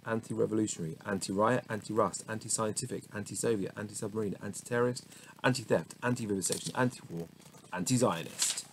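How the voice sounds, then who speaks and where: Low-voiced man reading dictionary words. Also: low-quality recording. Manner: muttering, stumbling over pronunciations with asides. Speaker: host reading the dictionary aloud. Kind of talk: casual word-by-word reading. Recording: faint background noise.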